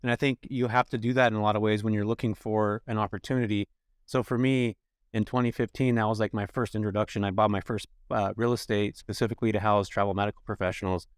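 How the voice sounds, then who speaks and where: A man's voice: fast talker, clear, resonant tone, dry recording, clean studio sound. A middle-aged man from California, a podcast guest telling his story casually and acting out the people he quotes. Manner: animated, acts out quoted people with raised pitch. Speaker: podcast guest, rental business owner.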